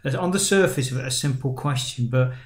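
A man's voice: medium pitch, a little fast. A man hosting an interview, thoughtful and emphatic, building his points in long winding phrases. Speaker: interview host. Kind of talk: conversational interview.

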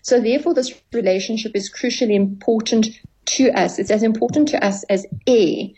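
A woman therapist guesting on a radio program speaks a bit quickly in a fairly high, dark, slightly rough voice. She offers lengthy explanations and acts out dialogue with clients over a rough recording.

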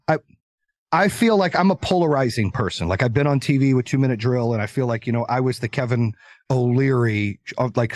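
A man telling stories as an interview guest, talking in an energetic, emphatic, animated way. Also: mid-range voice, dry recording. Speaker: podcast guest, entrepreneur. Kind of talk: casual interview storytelling.

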